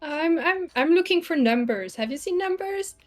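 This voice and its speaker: Hesitant high-voiced woman player. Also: animated, normal speed, music in the background. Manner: hesitant, stammering. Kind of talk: role-playing in character.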